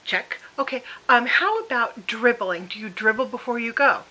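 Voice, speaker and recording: A woman voicing a young clinic receptionist who asks questions in a halting, slow way, full of fillers. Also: on the high side, sharp tone, low-quality recording.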